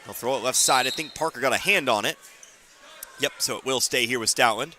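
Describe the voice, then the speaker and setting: A man calling high school basketball play-by-play for radio, with a bright, forceful voice. He rattles off passes and scores, then drops wry comments between plays. Faint gym noise and bouncing balls sit behind him. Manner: quick play-calling with dry asides. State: hiccuping. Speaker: play-by-play announcer.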